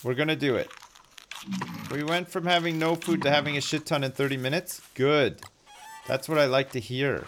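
A man's voice: on the high side, moderate pace, fairly bright tone, slight background noise. A man streaming a survival game live, chatting to his viewers in a joking, self-mocking way and swearing freely. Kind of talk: live gameplay chat.

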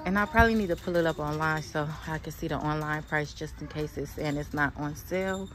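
A woman's voice: sits low, brisk. A woman chatting to her viewers in a casual vlog, talking to them as "y'all" while she walks through a big store with her phone. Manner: chatty, talks straight to the viewers with lots of "y'all". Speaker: vlogger. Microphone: phone held in hand. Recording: phone audio with clear background noise.

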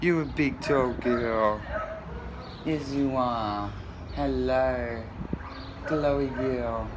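A woman's voice: very deep voice, drawn-out words, noisy background. A woman vlogging at an animal shelter, cooing at the dogs in baby talk. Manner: cooing, affectionate. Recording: loud barking in background.

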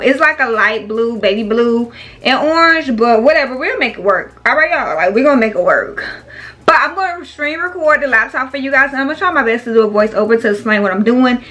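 A talkative woman vlogger, chatting straight to her viewers. Her voice sits a little high and has a bright, forceful edge. She keeps calling her audience "y'all" and "baby". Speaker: small business owner and vlogger. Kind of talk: casual chat to viewers.

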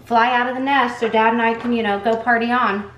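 A woman's voice: on the high side, fairly even intonation, brisk, fairly bright tone, reverberant, recorded from a distance, dull audio, slight background noise. A middle-aged woman, a mother, joking easily with her daughters in casual family chat. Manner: joking, easygoing.

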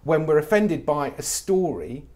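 Very animated and a little slow, this middle-aged English comedy writer has a darkish voice on the high side. In the conversational interview, he mimics people with mock voices as he quotes them.

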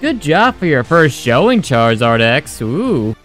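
A man's voice: fairly high pitch, very animated, measured pace, a bit bright, soft background music. A man giving sarcastic, crude, joking commentary over his game playthrough. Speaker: gaming video creator.

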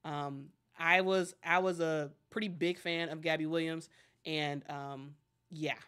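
A woman's voice: low-pitched, steady tone, measured pace, fairly bright tone, smooth. A woman hosting casual sports commentary, chatty and addressing viewers directly, often restarting her sentences.

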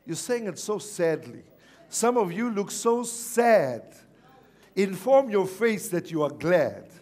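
A male pastor preaching a sermon at a church service, animated and repeatedly calling on the congregation to respond. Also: sits high, takes it slowly. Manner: animated, calls for audience response.

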